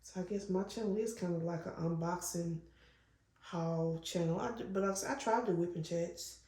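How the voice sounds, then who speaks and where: A woman's voice: on the low side, moderate pace. A middle-aged woman hosting her crafting channel, rambling chattily with fillers and telling stories eagerly. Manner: gets loud and excited when retelling a scare. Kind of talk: casual chat while crafting. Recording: echoey room with faint noise.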